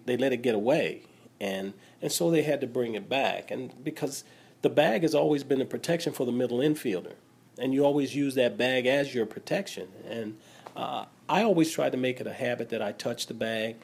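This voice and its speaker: Gravelly older man recalling his playing days. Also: mid-range voice, normal speed, darkish tone. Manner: reflective, matter-of-fact storytelling. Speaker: interview guest, former middle infielder. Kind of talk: casual interview.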